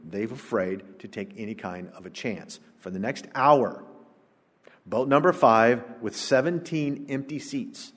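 A man, preaching an emphatic, rhetorical sermon to a congregation, swinging between loud declarations and low asides. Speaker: pastor. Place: church sanctuary, preaching to a congregation. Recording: long church-hall reverb.

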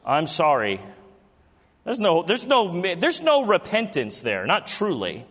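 High-voiced male preacher in a reverberant hall. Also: huge pitch swings, measured pace, a bit bright, husky. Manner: conversational preaching with rhetorical questions to the congregation. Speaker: pastor. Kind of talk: sermon. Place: church sanctuary during a service. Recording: long reverb of a large hall.

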